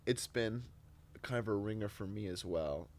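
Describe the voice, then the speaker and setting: A young man, a Christian influencer guesting on a podcast, telling stories in an animated way and dropping to a whisper for quotes. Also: fairly low pitch, normal speed. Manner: animated storyteller, drops to a whisper when quoting. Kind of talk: casual chat.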